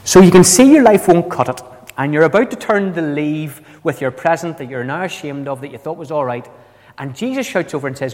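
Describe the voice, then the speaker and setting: A man preaching a sermon with dramatic delivery, slowing down for quoted words. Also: on the high side, expressive, a little mellow. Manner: dramatic, slows for quoted lines. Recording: long hall reverb.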